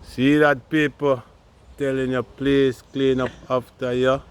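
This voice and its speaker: A man talks slowly and easily to his viewers while out on a woodland walk. He records on a phone as he goes, in a casual vlog style with open outdoor air around him. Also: medium pitch, flat delivery, clear, resonant tone. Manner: laid-back, talks to viewers while walking. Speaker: vlogger.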